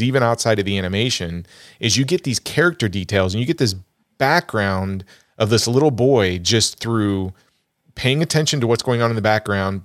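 A low-voiced man talks films as a podcast co-host, recorded close and dry with no room sound. He tells stories with feeling and a lot of animation. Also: no room sound. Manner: emotional, animated storyteller. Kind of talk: casual film discussion.

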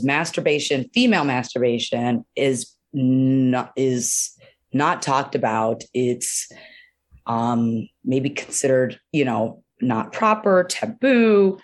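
A woman doctor with a low-pitched voice talks openly about the body in a relaxed interview. She is candid and animated, often slipping in "you know" and acting out little quotes in other voices. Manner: frank, animated, many "you know" fillers, acts out quotes. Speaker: urologist guest.

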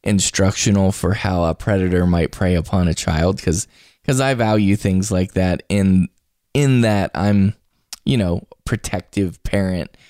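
A man's voice: deep voice, measured pace, dark tone, no echo, clean studio sound. A man hosting a podcast in easygoing, casual chat, leading the segments and asking questions. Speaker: podcast host.

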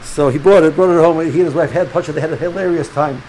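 A middle-aged man with a fairly high voice gives a loose, animated religious lecture, often stumbling over and repeating words as he goes. A faint hiss sits under his speech. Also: fast, poor audio. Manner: animated, repeats and restarts words, sprinkles Hebrew and Yiddish terms. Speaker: rabbi teaching students.

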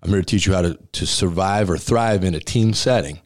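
Speaking fairly quickly in a very low, deep voice, a restaurant owner who once played center in college football shares stories in a relaxed interview. He's blunt and emphatic, laughing as he acts out the conversations.

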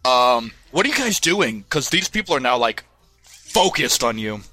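A man's voice: medium pitch, sing-song, normal speed, pushed and bright, faint music behind. A man running a tabletop game as game master, narrating with lots of fillers and self-corrections. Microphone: headphones and desk mic.

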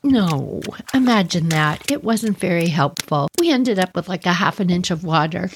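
A woman hosting a podcast, telling a childhood story in a chatty, animated way and talking straight to her listeners. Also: fairly low pitch, normal speed, hardly any pauses, a little hiss or hum. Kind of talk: casual storytelling.

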